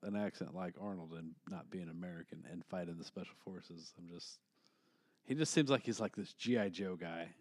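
A man's voice: sits low, brisk, darkish tone, dry recording. A man co-hosting a casual movie review podcast, rambling and swearing freely, laughing as he talks. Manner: rambling, profane, laughs often. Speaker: podcast co-host.

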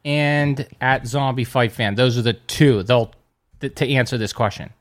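A man's voice: medium pitch, moderate pace. A man co-hosting a podcast, trading playful jokes in casual chat. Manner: joking, playful banter. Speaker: podcast co-host.

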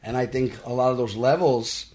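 A middle-aged man from Brooklyn with a Brooklyn accent, telling animated stories as a guest in a studio interview. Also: medium pitch, normal speed, slight background noise. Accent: Brooklyn New York. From Brooklyn, New York. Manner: animated storytelling, tough-talking. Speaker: actor guest. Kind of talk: casual interview. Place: podcast studio.

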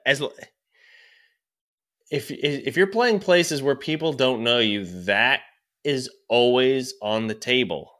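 A man with a low-set voice and a bright, forceful tone tells stories in a loose podcast chat. He rambles, restarts his sentences, swears freely and laughs through his own stories. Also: clean tone. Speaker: stand-up comedian guest.

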